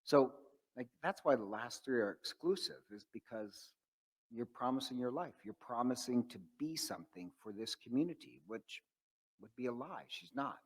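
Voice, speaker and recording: A man's voice: mid-range voice, animated, normal speed, husky, long reverb tail, low-quality recording. A man who is a priest, giving an informal faith-formation talk to adults and telling stories with many fillers and restarts. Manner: conversational, storytelling, frequent um fillers and restarts. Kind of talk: informal teaching talk with anecdotes.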